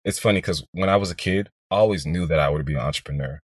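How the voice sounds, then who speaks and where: A man in his twenties from Houston, Texas, hosting a podcast and telling a story in an energetic, motivational monologue aimed straight at listeners. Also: low voice, fast, husky, no room sound, studio quality. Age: 20s. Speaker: podcast host, real estate investor.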